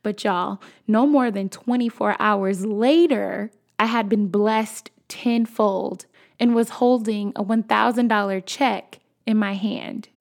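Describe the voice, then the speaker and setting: A young woman in her twenties, hosting a podcast and telling a personal story in a casual, animated, chatty way, talking straight to her listeners. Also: medium pitch, slow, vocal fry. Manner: animated, conversational, addresses listeners as y'all. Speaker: podcast host.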